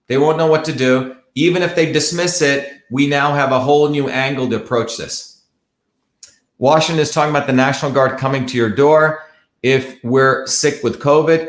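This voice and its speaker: A man hosting a live online show, talking bluntly and combatively in heated, repetitive commentary. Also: mid-range voice. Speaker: livestream host. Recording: echoey room.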